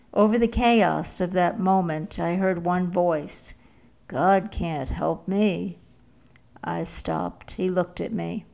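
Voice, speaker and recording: A woman narrating a first-person story in a slow, measured way. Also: fairly low pitch, gravelly, darkish tone.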